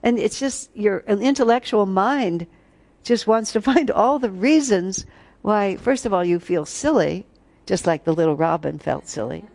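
Her voice medium in pitch, gravelly and a little mellow, a woman gives a spiritual retreat class at normal speed. She tells stories, laughs, and breaks into fragments of song.

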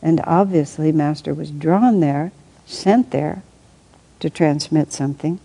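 A woman reading aloud from a spiritual book and adding her own reflective commentary, thinking aloud with soft laughs. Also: deep voice, measured pace, gravelly, husky, rough recording.

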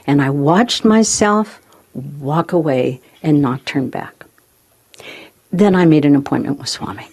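A woman speaker telling a personal story to a live group, expressive and often laughing as she speaks. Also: low voice, a little slow, husky. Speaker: spiritual speaker.

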